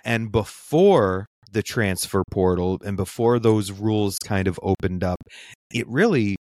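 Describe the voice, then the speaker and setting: Lower-voiced man making his point, dry sound. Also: darkish tone, no echo. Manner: measured, lays out a counterpoint. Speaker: podcast co-host. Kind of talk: casual sports chat.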